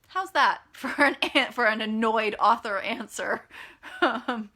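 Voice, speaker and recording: Bright-voiced chatty American woman. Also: a little high, measured pace. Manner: chatty, frank and self-deprecating, with frequent fillers. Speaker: author answering reader questions. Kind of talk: casual live Q&A chat. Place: at home in California.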